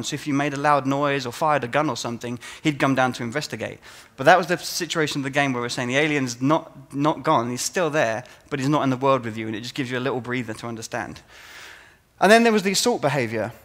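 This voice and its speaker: A man giving a conference talk as a game designer, telling stories and acting out players' reactions. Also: medium pitch. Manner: animated storytelling, acts out players' reactions.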